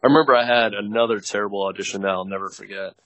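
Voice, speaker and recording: Racing through his words, this man in his thirties, an actor and producer guesting on a podcast, tells casual stories with plenty of fillers and laughs. His voice is lowish and fairly bright with fairly even intonation. The recording is dry and low quality.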